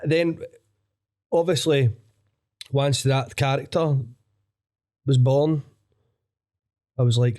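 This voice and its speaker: A man's voice: mid-range voice, steady tone, measured pace, long pauses, a little mellow. A young man with a Glaswegian accent, a guest comedian chatting casually on a podcast, sweary and rambling, laughing often. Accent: Scottish, Glaswegian.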